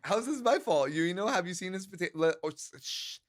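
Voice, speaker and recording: A man's voice: high voice, lively intonation, quick pace. A young man on a stream in casual chat, laid-back and joking, playfully indignant when teased.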